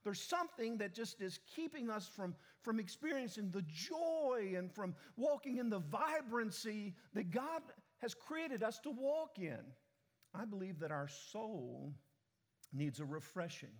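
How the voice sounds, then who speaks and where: A man's voice: sits high, very animated, unhurried. A middle-aged man preaching a sermon to a church congregation, often repeating words as he restarts, with conversational asides to the people. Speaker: pastor.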